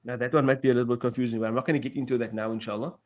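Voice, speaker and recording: A man's voice: medium pitch, steady tone, racing, a little mellow. A man teaching an Arabic grammar class in English, explaining step by step and reading out Arabic phrases.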